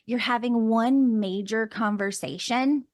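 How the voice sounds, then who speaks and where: A woman's voice: on the high side, unhurried, dry recording. Bubbly woman podcast host, dry close sound. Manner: enthusiastic, gushing, lots of "like" and "oh my God". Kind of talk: casual storytelling chat.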